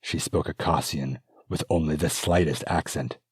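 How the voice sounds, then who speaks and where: A man narrating his own fantasy audiobook in a measured, descriptive storytelling manner. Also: rumbling low, husky, no echo, studio quality. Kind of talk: scripted narration.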